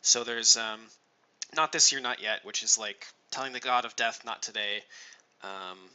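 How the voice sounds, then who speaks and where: Bright-voiced man running a tabletop game. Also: medium pitch, unhurried, smooth, poor audio. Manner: explains rules and lore at length, with many ums. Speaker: game master.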